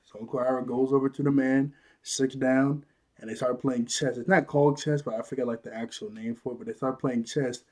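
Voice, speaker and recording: A man talks through an episode he watched in a relaxed, rambling way, laughing easily along the way. His delivery is loose and conversational, full of fillers. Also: medium pitch, fairly quick. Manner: loose, chatty, laughs often, lots of "like". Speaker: show reviewer. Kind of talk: casual episode recap.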